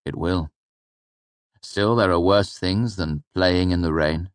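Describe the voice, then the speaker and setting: A man voicing a wry, easygoing middle-aged father who leads a traveling troupe, speaking in a gently teasing way. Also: deep voice, takes it slowly, smooth, no room sound. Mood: dry.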